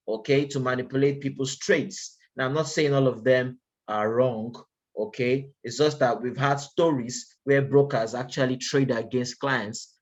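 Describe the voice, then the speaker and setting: Man presenting a casual trading webinar. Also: mid-range voice. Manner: conversational, repeats "okay" often, emphatic rhetorical questions.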